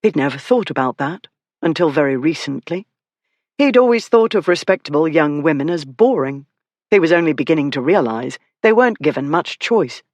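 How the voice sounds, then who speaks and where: Steady audiobook narrator, dry close sound. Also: medium pitch, normal speed, dry recording. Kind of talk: scripted narration.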